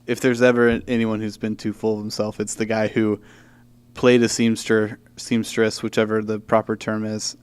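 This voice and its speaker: Young guy podcast host, smooth clear voice, animated and laughy movie chat. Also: lowish voice, normal speed. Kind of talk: casual chat about movies.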